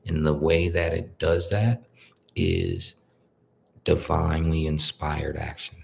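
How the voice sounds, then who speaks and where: A man's voice: very deep voice, little pitch movement, takes it slowly, gravelly, darkish tone, a little hiss or hum. A man giving a casual spiritual talk, conversational and repetitive, often checking in with "you feel me". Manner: conversational, repeats "you feel me", colloquial grammar. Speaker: spiritual speaker.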